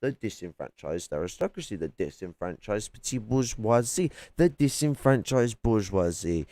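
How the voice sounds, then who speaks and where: A man's voice: on the low side, animated, normal speed, dark tone, no echo. A man in a heated live-stream argument at home, combative and sarcastic, lecturing and swearing casually. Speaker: political streamer debating chat. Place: home at night.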